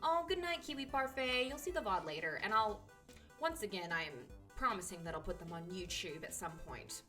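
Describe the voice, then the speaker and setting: A woman's voice: mid-range voice, animated, moderate pace, sharp tone, soft background music. Giggly, chatty woman streamer. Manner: giggly, chatty, swears casually. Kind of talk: casual chat.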